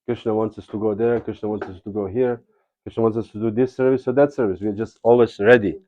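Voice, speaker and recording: A man's voice: fairly low pitch, fairly even intonation, fast talker, dull audio. A man giving a spiritual lecture, telling stories in a casual, digressive way and often adding "you know". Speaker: spiritual teacher. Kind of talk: devotional lecture with storytelling.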